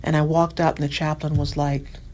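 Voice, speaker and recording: Soft-spoken low-voiced woman guest. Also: level tone, a little fast, low-quality recording. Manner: soft-spoken, drops to near-whispers at tender moments. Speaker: podcast guest. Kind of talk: emotional personal storytelling.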